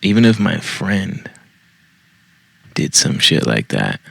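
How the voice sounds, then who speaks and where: Low, gravelly, blunt-talking man. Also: big pitch swings, takes it slowly, dry recording. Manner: blunt, profane, laughs at his own jokes. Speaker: podcast host. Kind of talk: reading and reacting to reddit posts.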